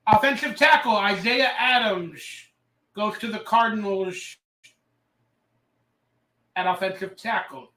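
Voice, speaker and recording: During a casual live stream, the male host delivers sarcastic rants and reads the chat out loud. He has a high, bright voice with a steady, forceful tone and an unhurried pace. The recording is distant and roomy.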